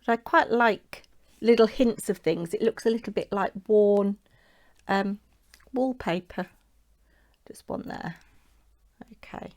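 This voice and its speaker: A woman with a mid-range, slightly mellow voice speaks a little slowly as she hosts a papercraft tutorial. She's casual and chatty, talking to herself as she works.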